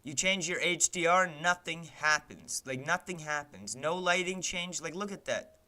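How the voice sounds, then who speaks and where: A young man talking live as he builds a game, in a casual stream-of-consciousness ramble peppered with "like" and "man". His voice sits a bit high and sounds bright and sharp. He curses freely and sounds exasperated with his software. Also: moderate pace. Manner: exasperated, swears a lot, rants at his software; fillers "like" and "man" throughout. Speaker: indie game developer streaming his work. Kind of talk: casual livestream commentary while working.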